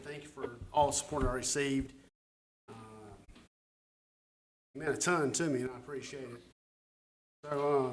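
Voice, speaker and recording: A man, a town councilman giving an emotional, halting speech at a council meeting, his voice catching. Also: mid-range voice, a bit bright, poor audio. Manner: halting, many fillers.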